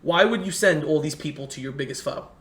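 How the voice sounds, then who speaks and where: Young man telling a story in a roomy room. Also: fairly high pitch. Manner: animated, fast storyteller who acts out quotes. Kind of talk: casual storytelling chat. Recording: roomy echo.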